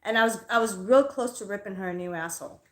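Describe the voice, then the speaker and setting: A woman's voice: medium pitch, fast talker. A woman hosting a live stream and telling an angry story in a heated, profane rant. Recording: echoey room.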